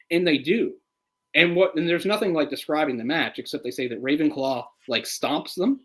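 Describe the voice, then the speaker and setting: A man co-hosting a casual live movie commentary, chatty and opinionated, getting heated and animated as he picks apart the adaptation. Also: fairly high pitch, low-quality recording. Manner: opinionated, gets heated and animated when ranting; chatty, full of "like" and restarts. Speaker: film commentary co-host.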